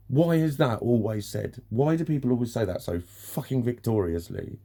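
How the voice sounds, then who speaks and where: A man's voice: mid-range voice, lively intonation, moderate pace, warm tone. A man venting in a ranting personal vlog, swearing often and sounding exasperated. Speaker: vlogger.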